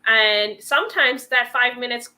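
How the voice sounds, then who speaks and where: A woman with a bright, high voice talks casually as a guest. She tells her stories with animation, playing out her own old quotes and laughing between them. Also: measured pace. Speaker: guest in a relationship reading. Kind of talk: casual chat.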